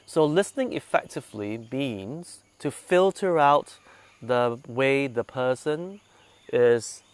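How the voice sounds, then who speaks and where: A man leading a meditation group, talking gently and conversationally and putting questions to his listeners, a little congested from sinus trouble. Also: mid-range voice, lively intonation, slow, smooth. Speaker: meditation guide. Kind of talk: relaxed talk to a meditation group.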